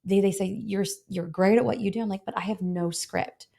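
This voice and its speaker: A woman's voice: medium pitch, steady tone, brisk, gravelly, warm tone. A middle-aged woman, a health insurance broker, telling stories in a casual interview and acting out both sides of her phone calls.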